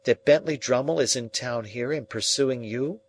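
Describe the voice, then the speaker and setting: A man's voice: mid-range voice, moderate pace, pitched above the performer's own voice, close to an everyday voice. A man reading the part of an anguished young man pleading with the woman he loves, in a storybook reading. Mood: pressing. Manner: pleading, earnest, emotional.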